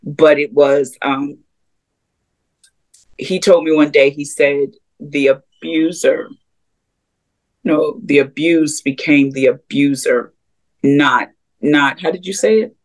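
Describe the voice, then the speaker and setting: A woman guest sharing her story in a casual, animated, conversational way. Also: low-pitched, takes it slowly, pauses often, poor audio. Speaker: interview guest, ministry co-founder. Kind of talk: casual personal testimony.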